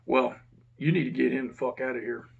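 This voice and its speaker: A man voicing a tense male inmate who talks in a hushed, urgent, profane way. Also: medium pitch, fairly even intonation, fairly quick, vocal fry, husky, dull audio.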